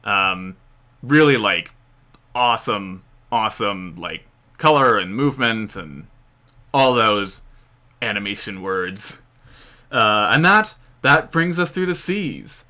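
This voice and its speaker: An American man rambles through a relaxed live-stream Q&A, leaning on fillers and small chuckles. His voice is bright and forward, with a smooth, clean tone. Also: fairly low pitch, slow. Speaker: history channel host. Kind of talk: casual live-stream Q&A chat.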